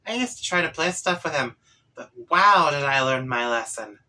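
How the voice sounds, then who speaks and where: A man's voice: on the high side, expressive, normal speed, sharp tone, low-quality recording. A man voicing a sarcastic young male troll who talks in a snarky, exasperated way.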